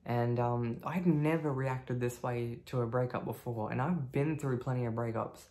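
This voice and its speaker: A woman's voice: very deep voice, normal speed, dark tone. Candid swearing woman in her thirties. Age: 30s. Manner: candid, casual, swears freely, many ums. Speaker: vlogger. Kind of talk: personal video diary.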